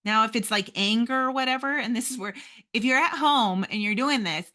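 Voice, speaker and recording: Woman podcast host, bright voice, earnest and encouraging, keeps saying you guys. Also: a little high, a little fast. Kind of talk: motivational faith-based talk.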